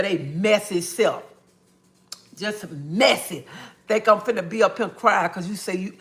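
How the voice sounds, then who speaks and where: Sassy, bright-voiced woman streaming live. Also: medium pitch. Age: adult, a mother. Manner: sassy, blunt, calls viewers honey and baby; repeats "okay?" after points. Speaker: livestreamer. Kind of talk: casual live-stream rant.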